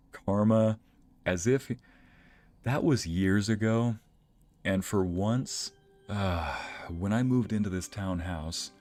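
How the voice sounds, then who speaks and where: Deep-voiced man telling laughing stories. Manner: laughing often, animated anecdotes. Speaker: streamer and narrator. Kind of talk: casual storytelling chat.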